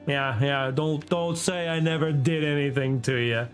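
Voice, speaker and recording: A man's voice: on the high side, fairly even intonation, moderate pace, hardly any pauses, soft background music. A man streaming a survival game, chatting loosely and profanely to himself as he plays. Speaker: gaming streamer and server host. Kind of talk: casual gameplay commentary.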